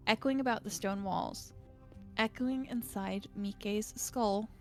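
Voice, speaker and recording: A woman streamer narrating a visual novel in a steady, measured reading voice. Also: mid-range voice, faint music behind.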